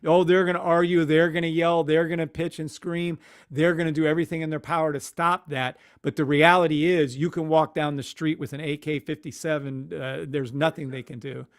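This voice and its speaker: A man's voice: fairly high pitch, little pitch movement, a little fast, clear, resonant tone. A man hosting a casual live stream, ranting animatedly with swearing and muttering to himself at his computer. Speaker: livestream host.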